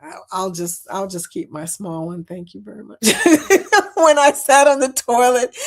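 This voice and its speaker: A middle-aged woman with a voice on the high side, speaking a little slowly, hosts a casual cruise chat livestream. She reads viewer comments and tells animated stories, chatting away and laughing often.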